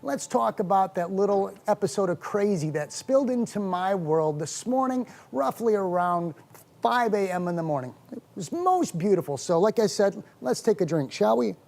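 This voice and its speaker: A man hosting a wellness show, telling a story about his morning in a casual, animated and self-mocking way. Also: high-pitched, normal speed, creaky.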